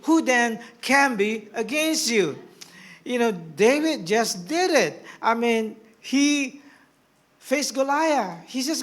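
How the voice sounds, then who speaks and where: Animated high-voiced pastor preaching. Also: male voice, slow. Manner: animated, swings from hushed to shouting. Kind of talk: sermon. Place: church hall.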